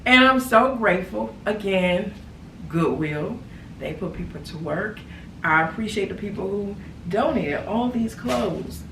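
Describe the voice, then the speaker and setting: Slow, gravelly woman vlogger. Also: medium pitch. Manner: animated, repeats phrases for emphasis. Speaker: lifestyle vlogger. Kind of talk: casual haul vlog. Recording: echoey room, far from mic, background noise.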